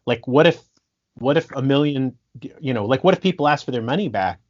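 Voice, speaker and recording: A man telling stories in a casual podcast interview, animated, laughing often and restarting his sentences. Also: mid-range voice, a little fast, muffled recording. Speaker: guest musician and sound engineer.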